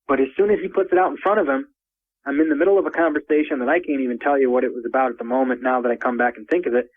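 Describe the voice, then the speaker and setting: A man's voice: medium pitch, steady tone, racing. A man telling his own encounter story as a phone caller, rambling and repeating words, his voice rising when he gets worked up. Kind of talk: first-person story told over the phone. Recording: tinny phone line.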